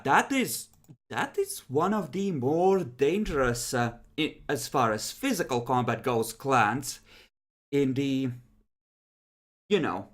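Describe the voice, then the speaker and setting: A game master narrating a tabletop horror game in a casual, animated way, often laughing. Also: medium pitch.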